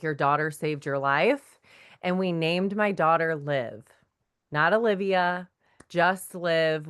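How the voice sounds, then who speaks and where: A woman's voice: lowish voice, fairly bright tone, clean tone. A woman, telling her personal testimony at a faith meeting and acting out the lines of the people in her story. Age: 30s. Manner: talkative storyteller, acts out quoted lines. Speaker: guest sharing her testimony.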